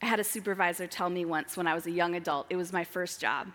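A woman preaching a sermon, dramatic, moving between emphatic lines and hushed asides. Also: on the low side, fast talker. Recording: long hall reverb.

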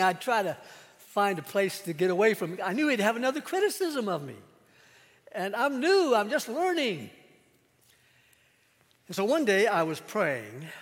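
A male pastor telling a personal story in a sermon, conversational, with pauses and quiet asides. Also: high-pitched, big-room sound.

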